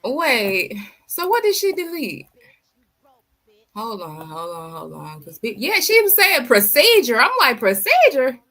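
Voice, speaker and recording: Woman, reaction host, blunt, sassy, bright tone, animated pitch. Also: a little slow. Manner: blunt and sassy, rhetorical questions. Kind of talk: casual commentary.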